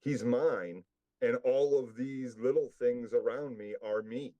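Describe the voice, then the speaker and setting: A man's voice: medium pitch, measured pace, muffled recording. A man co-hosting a casual recap, blunt and profane in his opinions. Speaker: podcast co-host.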